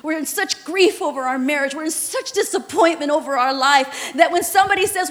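A woman pastor preaching a sermon in a church sanctuary, impassioned, swinging from hushed tones to shouting. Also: high voice, animated, fairly quick. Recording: reverberant church hall.

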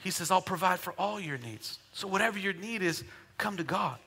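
A man preaching a sermon as a pastor, chatting and joking with the congregation before building up to loud, rhythmic declarations. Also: high voice, lively intonation, brisk, slightly rough. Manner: conversational preaching with jokes, rising to shouted declarations.

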